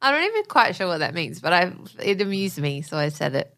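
A woman's voice: lowish voice, sing-song, fairly quick, a bit bright. A woman co-hosting a podcast, giggly, chatty and self-mocking. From Australia. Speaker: podcast co-host. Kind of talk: casual chat.

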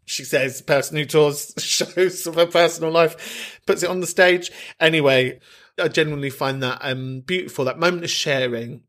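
A male podcast host with a fairly high voice, chatting warmly and effusively. He pokes fun at himself as he goes, in a loose conversational flow. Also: normal speed. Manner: effusive, chatty, self-mocking. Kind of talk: casual chat.

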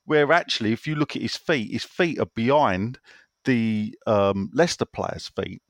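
A man co-hosting a casual football podcast, opinionated and animated as he reads listener messages. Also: medium pitch, normal speed, gravelly, dry recording, clean studio sound. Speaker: podcast co-host.

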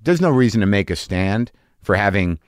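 A man in his late forties with a lowish voice spins a rambling, self-mocking story as a podcast host. His delivery is animated and full of asides. The recording is close and dry. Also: moderate pace, dry recording. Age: late 40s. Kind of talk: comic monologue and interview. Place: home studio.

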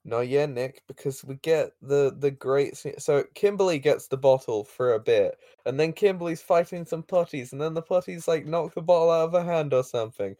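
A man chats through a recap on a podcast, rambling with fillers and frequent laughter. His voice sits a bit high. The sound is dry and close, with no room around it. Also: moderate pace, hardly any pauses, warm tone, no room sound. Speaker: podcast co-host recapping an episode. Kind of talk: casual chat.

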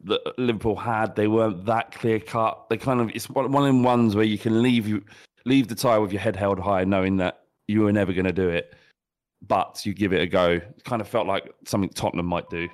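A man co-hosting a football podcast, blunt and sweary in animated banter with his mate. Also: fairly low pitch, brisk. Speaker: podcast co-host. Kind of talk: casual football chat.

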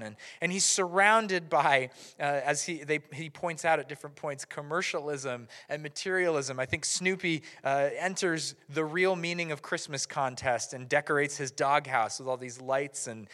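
A man in his thirties giving a playful, animated Christmas sermon to a church audience. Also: fairly high pitch, normal speed, hardly any pauses. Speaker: pastor. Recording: live hall reverb.

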